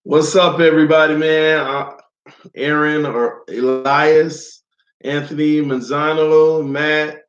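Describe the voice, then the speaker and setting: A man hosting a live fan stream, slightly hoarse from losing his voice, greeting viewers by name in loose slangy chat and getting loud when he argues. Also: on the high side, steady tone, slow pace, roomy sound, muffled recording. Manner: gets loud and heated when arguing a point.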